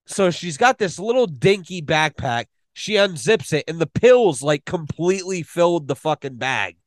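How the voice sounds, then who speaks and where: A man with a slightly high voice tells a rambling story on a podcast. He swears constantly and keeps the tale animated. The sound is close and dry, with no room echo. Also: moderate pace. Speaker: podcast guest. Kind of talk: casual storytelling.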